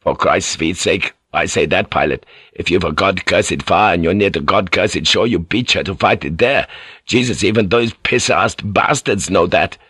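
A man's voice: low voice, normal speed, sharp tone, slightly rough, dry recording, clean studio sound, heavily acted. A man voicing a coarse, bitter male sailor who whines and curses in an audiobook. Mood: scornful. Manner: whining, cursing, complaining.

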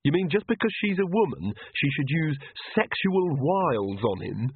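A prim, easily shocked young woman, as a male narrator puts her on, in a voice lifted above his usual. It is husky and comes through a tinny, dry, phone-like line. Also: on the high side, very animated, normal speed, dry recording, voice pushed up, exaggerated voice.

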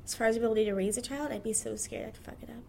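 A nineteen-year-old woman talks very fast, frankly and chattily about her life, laughing as she goes. Her voice is a little high, gravelly and dark-toned, with slight background noise in the recording.

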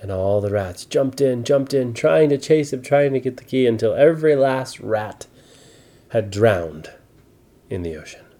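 A man telling an improvised bedtime story to a child, slow and gentle. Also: mid-range voice. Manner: slow, soft, animated voices for dialogue.

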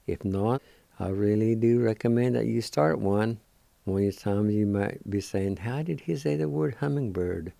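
An older man with a Cherokee accent teaching words slowly and deliberately as a radio language teacher, repeating each one. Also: fairly low pitch, vocal fry, warm tone, no room sound. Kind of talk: slow spelled-out language lesson.

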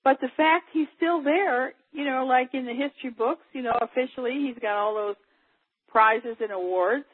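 A woman's voice: high voice, normal speed, slightly rough, dry recording. A woman chatting as a guest in a casual phone conversation, talking in a rambling, chatty way. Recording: tinny phone line.

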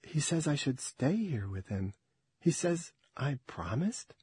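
A man's voice: a little high, sing-song, takes it slowly, warm tone, breathy edge, no room sound, full character voice. A man voicing a middle-aged wife on the phone who talks sharply and with raised demands.

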